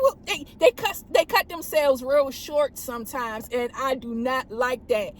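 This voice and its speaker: Woman, high voice, casual storytelling, acts out radio calls, speaks from a car. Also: normal speed, few pauses. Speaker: police officer vlogger.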